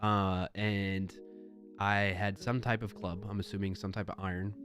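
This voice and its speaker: A man's voice: lowish voice, level tone, a little slow, music in the background. A man in his thirties hosting a livestream, telling a casual, rambling story with lots of fillers and restarts into a desk mic. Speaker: livestream host.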